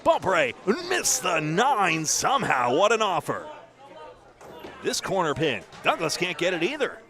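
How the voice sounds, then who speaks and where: A man with a New England accent giving chatty, animated live play-by-play of a bowling match in a bowling alley. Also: high voice, a little slow. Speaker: bowling commentator. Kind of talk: live sports commentary. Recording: crowd noise behind.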